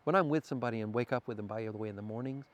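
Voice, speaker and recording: A man's voice: mid-range voice, rapid-fire. A man talking as a podcast guest, earnest and spiritual in manner, sometimes stammering as he thinks aloud. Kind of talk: casual conversation.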